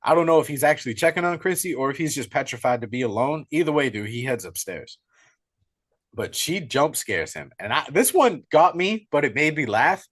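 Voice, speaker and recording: A young man co-hosting a podcast, retelling a horror film in an excitable, profane, casual way. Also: mid-range voice, fairly quick. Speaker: podcast co-host. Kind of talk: casual movie recap.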